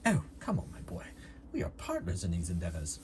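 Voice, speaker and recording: A man's voice: low voice, huge pitch swings, a little fast, slight background noise, pitched below the performer's own voice. A man voicing a pompous upper-class male doctor in a solo tabletop game, using a put-on posh accent. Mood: genteel.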